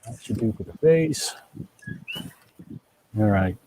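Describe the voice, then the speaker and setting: A man's voice: lowish voice, lively intonation, slow, mellow, no echo, poor audio. A man hosting a live sketch stream, thinking aloud as he draws and joking with viewers. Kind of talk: casual chat while drawing.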